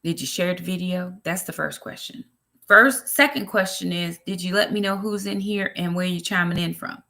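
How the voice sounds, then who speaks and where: A woman's voice: on the low side, moderate pace, gravelly, sharp tone. A woman with a Southern US accent hosting a ministry livestream, chatting casually and greeting viewers by name. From Brooklyn, New York.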